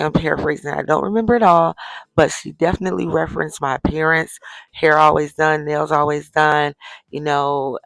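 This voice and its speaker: A woman's voice: low-pitched, a bit bright, dry recording, poor audio. A middle-aged woman chatting casually to her viewers, telling a story from her day in a chatty way. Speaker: vlogger. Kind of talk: casual chat. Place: at home, winding down for bed.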